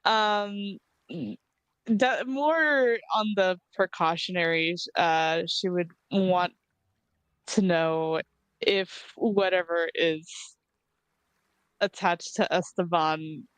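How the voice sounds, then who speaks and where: A woman's voice: fairly low pitch, drawn-out words, fairly bright tone, clean tone, no echo. Blunt, swearing woman player. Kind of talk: casual chat.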